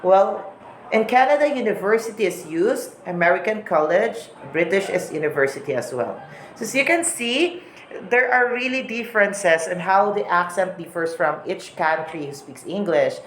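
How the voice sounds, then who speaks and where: A young woman with a Filipino accent gives a recorded class report, explaining points deliberately and often opening with "well" or "so as you can see.". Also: medium pitch, lively intonation, slight background noise. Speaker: student presenter. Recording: roomy echo, faint background ambience.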